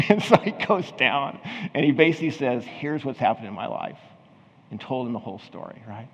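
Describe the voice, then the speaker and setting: A man's voice: medium pitch, animated, fairly quick, husky. Man, pastor, casual storytelling sermon, earnest emphasis, long church reverb, dull lo-fi sound. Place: church sanctuary.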